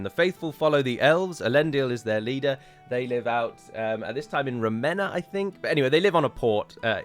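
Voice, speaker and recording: Reviewing a trailer for his viewers, a medium-pitched man chats casually and offers plenty of opinions, often using fillers and correcting himself.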